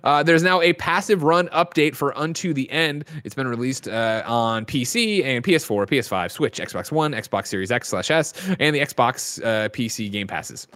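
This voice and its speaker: Animated man hosting a chatty news show. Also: medium pitch, moderate pace, hardly any pauses. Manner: animated, rattling off lists, joking asides. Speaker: show host. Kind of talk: casual chat and news roundup.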